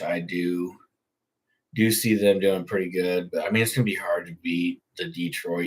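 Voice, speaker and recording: A man's voice: sits low, breathy edge, low-quality recording. A young man hosting a casual sports talk show, rambling and swearing freely. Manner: profane, rambling. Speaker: host.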